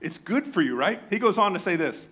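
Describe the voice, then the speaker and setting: A man preaches in an animated, joking way. His voice sits a bit high and swings widely in pitch as he teases his listeners and plays out what they might say. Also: fairly quick, breathy edge. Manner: animated, joking, mimics his congregation in raised voice. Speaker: pastor. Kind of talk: sermon.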